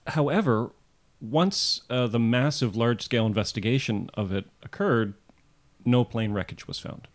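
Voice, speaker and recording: A man's voice: mid-range voice, moderate pace. Man telling history on a podcast. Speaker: podcast co-host. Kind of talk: casual history podcast storytelling.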